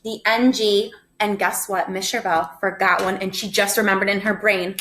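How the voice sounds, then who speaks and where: A woman's voice: mid-range voice, moderate pace, fairly bright tone. A woman teacher giving a recorded phonics lesson to first graders, upbeat, chatty and encouraging.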